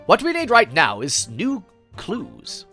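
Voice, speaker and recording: A woman's voice: medium pitch, huge pitch swings, slow, fairly bright tone, soft background music, heavily acted. A woman voicing a nervous but determined young male defense lawyer in a game read-along, earnest and insistent.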